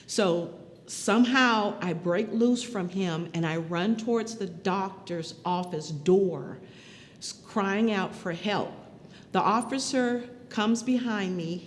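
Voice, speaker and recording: Slow-spoken woman giving testimony. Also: mid-range voice, long reverb tail, slight background noise. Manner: measured, earnest storytelling. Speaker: survivor recounting her own experience. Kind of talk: personal testimony.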